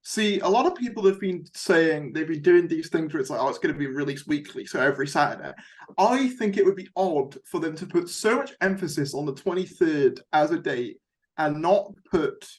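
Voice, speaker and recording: Chatty young man, fan host. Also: fairly high pitch. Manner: chatty, rambling with fillers. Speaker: YouTube host. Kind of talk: casual fan discussion.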